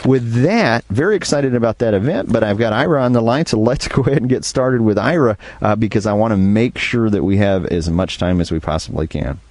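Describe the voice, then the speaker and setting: A man's voice: on the low side, brisk, hardly any pauses, darkish tone, no room sound. Chatty male talk show host, dry studio sound. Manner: chatty, many fillers. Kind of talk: casual radio chat.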